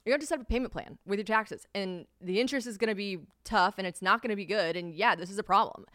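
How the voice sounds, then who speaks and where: A patient, caring mother gently scolding her grown daughter, as a podcast host puts her on. The voice is calm and steady at an everyday middle pitch, close to the host's own. It sounds dry and close to the mic. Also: fast, no echo, lightly acted.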